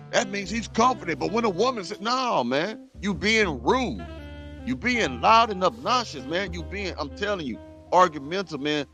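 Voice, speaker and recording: A man's voice: fairly high pitch, fairly bright tone. A man hosting a reaction show, ranting bluntly and heatedly at a clip he is playing. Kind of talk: commentary rant.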